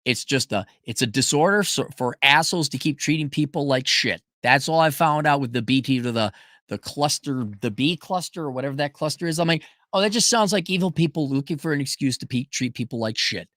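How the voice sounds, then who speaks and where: A middle-aged man hosts a livestream, firing back blunt, profane, emphatic answers to viewer questions with animated jumps in pitch. He talks fairly quickly, and the studio-quality audio has no room sound.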